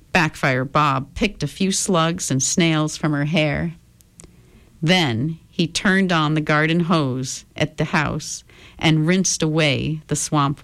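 A woman reading a children's story aloud with expressive intonation. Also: sits low.

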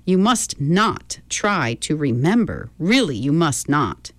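A woman voicing a fussy little old man who calmly insists that nothing can be done. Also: low-pitched, takes it slowly, dry recording, heavily acted. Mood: prim. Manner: patient, precise, politely insistent.

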